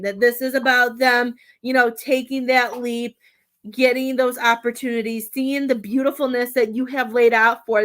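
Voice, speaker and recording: A woman's voice: a little high, fairly bright tone. A woman giving a live tarot and medium reading in a chatty, emotional way, laughing often between thoughts and coming close to tears. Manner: emotional, near tears at times.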